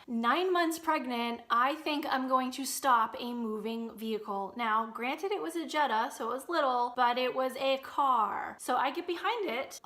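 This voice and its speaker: Woman vlogger in her thirties, slightly high voice, lively storyteller. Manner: animated, acts out quotes in loud high bursts. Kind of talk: storytelling vlog.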